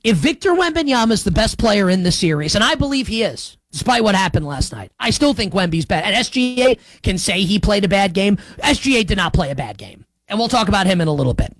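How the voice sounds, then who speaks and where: A man hosting a sports talk show, giving opinionated commentary in a sarcastic, emphatic way, with big swings in pitch and pace. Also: sing-song, fast, hardly any pauses, a bit bright, dry recording.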